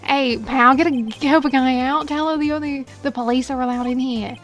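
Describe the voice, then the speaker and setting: A woman's voice: sits high, steady tone, moderate pace, soft background music, close to an everyday voice. A woman voicing a bumbling, blustering male police detective. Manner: blustering, says pal.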